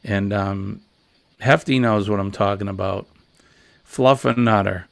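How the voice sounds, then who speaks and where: A man's voice: on the low side, steady tone, a little slow, gravelly, no room sound, studio quality. A middle-aged man hosting a casual morning chat show, rambling and jokey. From New England. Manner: rambling, jokey, easily amused. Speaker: host.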